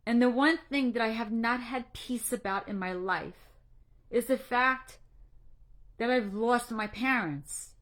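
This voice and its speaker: A woman's voice: on the high side, slow pace, fairly bright tone. Earnest woman coach, tearful livestream talk. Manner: earnest, direct, a little preachy. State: tearful, emotional. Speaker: anxiety coach. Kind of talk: casual livestream talk to a group.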